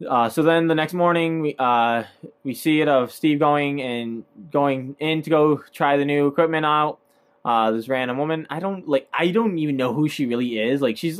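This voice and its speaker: A man with a clean, fairly high voice casually recaps a movie. He rambles, hesitating and using lots of fillers, and laughs at his own points.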